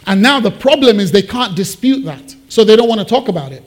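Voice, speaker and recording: A man preaching a sermon, explaining Bible verses and acting out the quotes with lively swings in his voice. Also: fairly quick. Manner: animated, acts out Bible quotes with big pitch swings. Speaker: pastor. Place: church hall.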